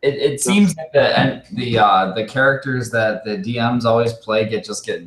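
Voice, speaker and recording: A man's voice: medium pitch, moderate pace, fairly bright tone, reverberant, low-quality recording. A man, a tabletop game player, chatting casually in a rambling way with lots of fillers. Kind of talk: casual post-game chat.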